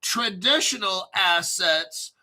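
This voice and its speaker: Male crypto host, high and very bright, cusses freely, hyped joking delivery, keeps clearing his throat. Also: slow. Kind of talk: excitable commentary reading crypto news.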